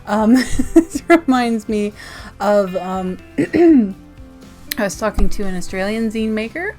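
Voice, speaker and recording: A woman's voice: mid-range voice, expressive, takes it slowly, dark tone, faint music behind. A woman vlogger sharing zines from her mail in casual chat, bubbly and gushing with frequent giggles. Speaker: zine reviewer vlogger.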